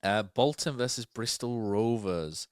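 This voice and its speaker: A man with a lowish, smooth voice talks football in a loose, rambling way, leaning on fillers and tag questions as he thinks aloud. The sound is dry and close. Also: a little slow, no echo. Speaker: podcast co-host. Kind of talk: casual football chat.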